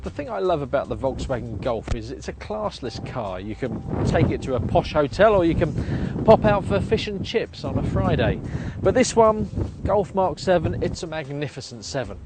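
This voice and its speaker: A man's voice: fairly high pitch, very animated, moderate pace, over music. Chatty man reviewing a car. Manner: chatty, enthusiastic, wry asides. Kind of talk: presenting a car review to camera. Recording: audible road and traffic noise behind.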